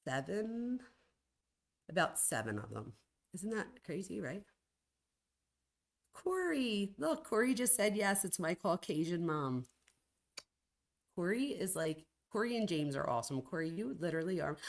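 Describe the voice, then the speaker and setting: A woman in her forties hosting a casual livestream, reading out viewer comments in a chatty, gushing way, with sudden excited jumps in pitch. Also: a little slow, long pauses. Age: 40s. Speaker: livestream host and college professor.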